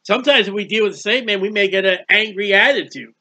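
A man's voice: high-pitched, quick pace, pushed and bright, muffled recording. A man giving a conversational Bible teaching, plain-spoken, repeating phrases and firing rhetorical questions. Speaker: preacher.

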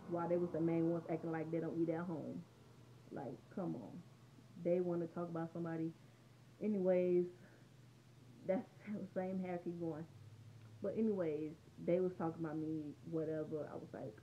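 Teen girl vlogger, slightly low voice, rambling conversational storytelling, muffled home recording with faint noise. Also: steady tone, moderate pace. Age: teens. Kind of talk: casual storytime vlog. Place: room at home.

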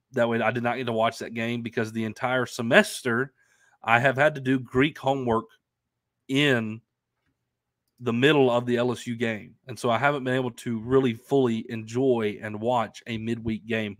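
A male co-host with a medium-pitched, fairly bright voice joins a casual sports talk stream from home in Arkansas via a remote stream microphone. Stuffy and nasal from allergies, he's still upbeat and chatty, dropping in lots of fillers. The recording is dry and studio-clean.

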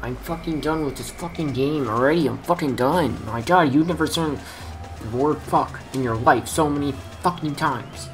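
A man's voice: on the high side, normal speed, soft background music, poor audio. Frustrated young man swearing at a game. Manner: frustrated, swears a lot, mutters at opponents. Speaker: gaming youtuber. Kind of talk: swearing gameplay commentary.

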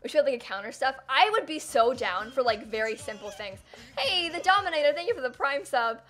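Young woman streamer rambling to chat, kinda high voice, lots of "like" and "um". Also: animated, fairly quick, bright, forceful tone. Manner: chatty and rambling, heavy on fillers, reads chat and thanks subscribers. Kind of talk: casual live-stream chat.

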